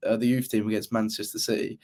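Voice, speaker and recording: A man's voice: lowish voice, level tone, fast talker, warm tone. A man chatting casually as a podcast co-host. He rambles, circling back and restarting his sentences as he talks through his points. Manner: rambling, many restarts and fillers. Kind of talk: casual chat.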